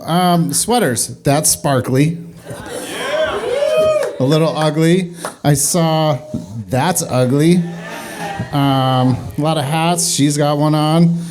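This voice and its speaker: A man hosting a small comedy open mic, chatting loosely with the room and laughing at his own asides. His voice sits a bit high for a man, and he wanders from thought to thought between introductions. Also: slow, pauses often, crowd noise. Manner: rambling, self-deprecating, laughs often. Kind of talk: casual emcee banter. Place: small venue with audience.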